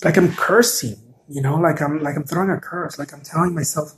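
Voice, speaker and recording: A man's voice: a little high, brisk, few pauses. A man hosting a casual live stream, talking earnestly and encouragingly, often repeating words and answering viewer comments.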